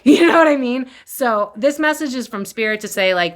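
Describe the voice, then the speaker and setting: A young woman reads tarot for her viewers in a loose, slangy way, swearing and laughing as she goes. Her voice is bright and forward. She keeps breaking into exaggerated quoted voices. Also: mid-range voice, animated, brisk, few pauses, clear, resonant tone. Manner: chatty, slangy, swears freely, laughs often; acts out quoted voices with big swings. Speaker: tarot reader. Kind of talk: casual tarot reading to camera.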